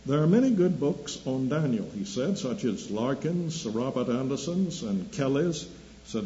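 Older male preacher, deliberate anecdotal delivery; muffled lo-fi recording. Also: medium pitch, big pitch swings, warm tone. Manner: slow deliberate storytelling, dry humor. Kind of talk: sermon with anecdotes. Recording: dull lo-fi recording with faint hum.

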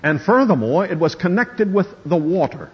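Preacher, man, husky voice, dramatic soft-to-loud sermon delivery, muffled old hall recording. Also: sits high, lively intonation, normal speed. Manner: dramatic swings between soft and emphatic delivery.

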